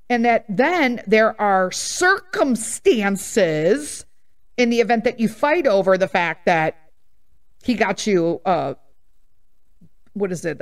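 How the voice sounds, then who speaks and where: Podcast host, woman, 50s, blunt and sassy, very expressive pitch. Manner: blunt, animated storytelling with laughs and sass. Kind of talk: candid casual monologue.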